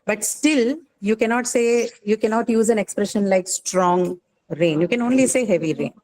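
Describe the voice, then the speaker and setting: A woman's voice: mid-range voice, normal speed, darkish tone, low-quality recording. Female teacher, patient explainer, fillers and "right?" tags, online lesson. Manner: explains patiently with many fillers and tag questions. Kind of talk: online class lecture.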